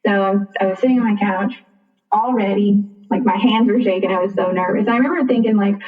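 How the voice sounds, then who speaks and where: A woman's voice: medium pitch, fairly quick, reverberant. A young woman telling a personal story in a chatty way, often saying "like" and acting out both sides of a conversation. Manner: chatty, frequent "like", acts out dialogue. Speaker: guest. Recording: tinny phone-line sound, distant.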